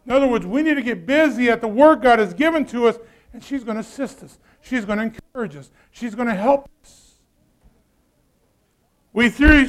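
High-voiced man preaching a sermon. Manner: conversational preaching, asks the congregation questions. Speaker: pastor.

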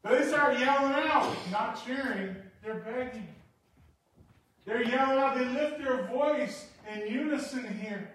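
A man preaching a sermon, animated and swinging from quiet asides to shouting. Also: very high-pitched, a little slow. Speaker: pastor. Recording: echoey hall, from far off.

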